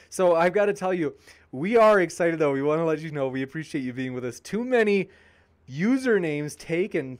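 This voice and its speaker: A man hosting a live debate stream, reading viewer comments aloud and answering them with upbeat, jokey banter. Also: medium pitch. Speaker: debate channel host.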